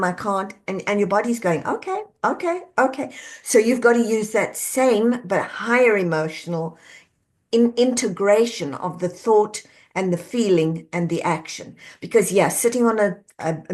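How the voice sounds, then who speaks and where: A middle-aged woman speaks as a guest on a podcast, a coach telling her stories in an animated way. She slips into the voices of the people she quotes and laughs easily, with her pitch sitting in an ordinary middle range. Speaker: executive coach and author, guest. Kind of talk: conversational podcast interview.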